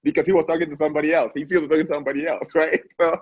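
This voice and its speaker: Nigerian man telling a story, husky. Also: a little high, rapid-fire, no room sound, highs cut off. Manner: animated, lots of restarts and stammered repeats. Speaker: guest, founder. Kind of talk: casual interview storytelling.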